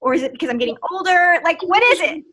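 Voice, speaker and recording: A woman's voice: very high voice, animated, quick pace, pushed and bright. A woman hosting a podcast, affirming her guest as a supportive listener. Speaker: podcast host. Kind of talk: casual interview chat.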